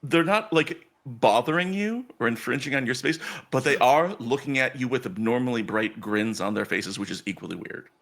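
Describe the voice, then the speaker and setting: A man's voice: mid-range voice, animated, moderate pace, few pauses, a bit bright. A man running a tabletop game as game master, narrating loosely with lots of "like" and restarts.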